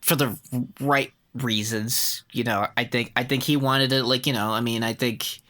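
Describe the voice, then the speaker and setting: A man's voice: medium pitch, fairly even intonation, moderate pace, pushed and bright. A man co-hosting a podcast in casual chat, joking loosely and swearing now and then. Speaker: podcast co-host.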